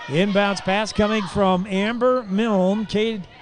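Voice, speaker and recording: This is a man's live play-by-play of a high school girls basketball game on local radio. He calls the action fast and excitedly, shouting when big plays happen and slipping in folksy asides for the listeners.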